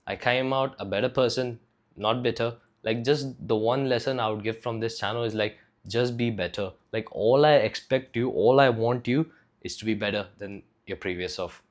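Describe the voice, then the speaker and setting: A young man from India talking casually to camera as a fitness vlogger, rambling loosely with lots of filler words and swearing. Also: mid-range voice.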